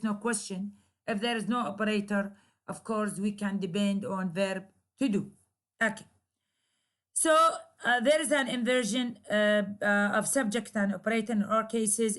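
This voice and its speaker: A woman lecturer whose first language is Arabic, explaining English grammar in a recorded lecture, with many hesitations and pauses. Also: mid-range voice, fairly bright tone. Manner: slow, careful explaining with frequent hesitations. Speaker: university lecturer.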